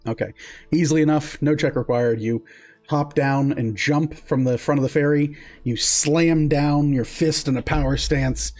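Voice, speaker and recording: Man game master, tabletop narration, mellow warm tone, faint music behind. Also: a little high, steady tone, moderate pace. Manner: descriptive, filler-heavy, self-correcting.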